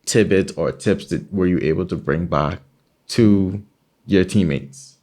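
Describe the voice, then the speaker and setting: A man's voice: deep voice, a little slow, a little mellow. A man hosting an interview, asking questions hesitantly and rephrasing as he goes, a bit distant from the mic. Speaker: host.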